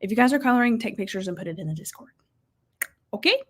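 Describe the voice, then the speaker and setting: A woman's voice: medium pitch, lively intonation, fast talker, fairly bright tone, husky. Bubbly woman chatting on a livestream. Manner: bubbly, reads viewer comments aloud and reacts. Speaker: livestream host. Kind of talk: casual livestream chat reading comments.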